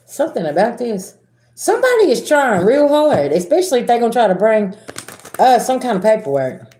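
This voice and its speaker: Very animated and brisk, her voice sits on the high side with a mellow quality, in a space with a roomy sound. Hailing from the Southern United States, she reads tarot casually for her audience with a Southern American accent, profanity, blunt talk, and acted-out arguments.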